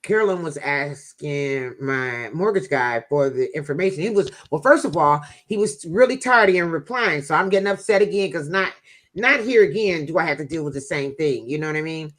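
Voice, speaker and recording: A woman's voice: deep voice, animated, a little fast, fairly bright tone. A woman vlogger casually telling viewers a personal story in a chatty, folksy way.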